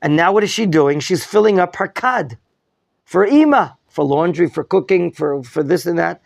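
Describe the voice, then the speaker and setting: A man teaching a Torah class with a somewhat high voice and a gravelly, fry-laced texture. He questions his students and corrects their reading as he goes. The sound is close and dry. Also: normal speed, no room sound. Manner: lively teacher, quizzing students, mixing in Hebrew terms. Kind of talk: classroom Bible lesson.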